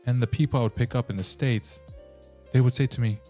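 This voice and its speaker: A man's voice: mid-range voice, quick pace, dark tone, soft background music. A man hosting a reaction video, ranting animatedly in a casual way and slipping into mocking voices. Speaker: host.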